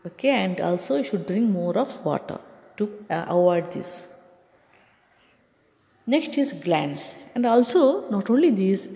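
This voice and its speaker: A woman's voice: medium pitch, big pitch swings, unhurried, gravelly, pauses often, dark tone, in a large hall. A woman teacher giving a classroom science lesson, explaining step by step and often checking in with "okay" and "understood".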